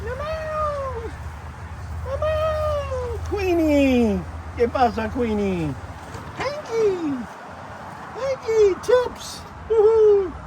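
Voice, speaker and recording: A man putting on the voices of excited backyard birds calling out in Spanish, with high, shrill, repeated cries. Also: extremely slow, noisy background, full character voice. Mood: squawking.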